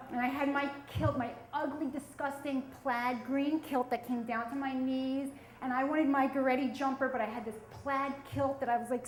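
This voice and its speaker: A South Philadelphia woman in her 40s tells a self-mocking story on stage at a live storytelling event. Her voice is fairly high, and the low-quality recording is reverberant with a faint hiss or hum.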